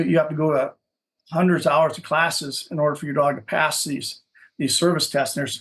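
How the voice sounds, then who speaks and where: A man from Minnesota, a dog breeder, telling stories in a casual interview, rambling and repeating words as he searches for what to say. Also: a little high.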